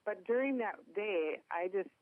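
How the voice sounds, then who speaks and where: A woman's voice: medium pitch, animated, moderate pace. Woman guest, Minnesota accent, folksy and joking, heard down a phone line. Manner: chatty, self-deprecating humor. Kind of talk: phone interview. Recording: tinny dry phone line.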